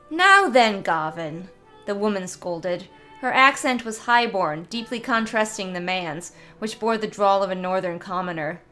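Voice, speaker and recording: Woman narrating a fantasy tale, steady and measured, faint music under it. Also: mid-range voice. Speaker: story reader. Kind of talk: reading a fantasy short story aloud.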